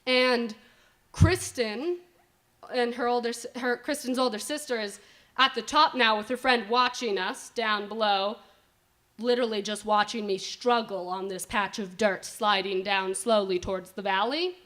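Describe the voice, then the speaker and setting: A woman's voice: a little high, unhurried, fairly bright tone. A young woman telling a personal story live at a story slam, chatty and full of fillers like "like", on a stage mic. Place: indoor winery event space.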